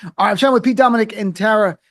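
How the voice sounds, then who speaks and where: A male radio host leading a casual panel chat, wry and sarcastic, with quick asides. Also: sits high, fairly bright tone, no echo, studio quality.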